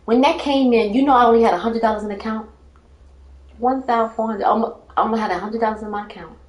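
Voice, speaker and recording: A woman's voice: fairly high pitch, fairly even intonation, fast talker, reverberant. A woman telling her life story in casual talk, rambling and emphatic, often breaking into laughter.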